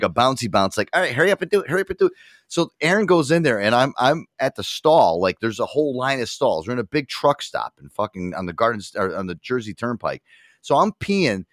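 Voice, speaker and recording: A man whose pitch swings widely as he tells a crude, sweary story. The sound is dry and close to the mic. He has the loose manner of a podcast co-host chatting. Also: no room sound. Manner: lively, swearing, laughing storyteller. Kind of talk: casual storytelling chat.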